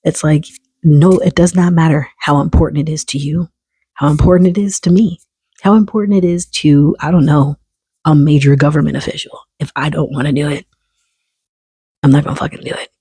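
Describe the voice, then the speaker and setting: Gravelly, husky man telling a story. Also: on the high side, brisk, dry recording. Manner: profane, candid and animated. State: early on testosterone. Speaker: vlogger. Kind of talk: casual storytelling monologue.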